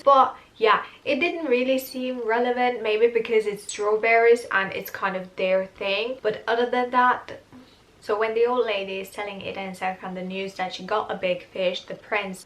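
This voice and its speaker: A woman's voice: mid-range voice, fairly bright tone, low-quality recording. A young woman casually recapping a TV drama episode, chatty and exasperated, acting out the characters' lines. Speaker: TV series reviewer.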